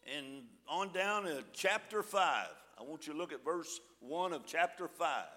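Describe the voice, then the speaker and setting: High, bright-voiced preacher. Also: male voice, expressive. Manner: folksy preaching, reading scripture aloud with dramatic pauses. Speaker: pastor. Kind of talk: sermon.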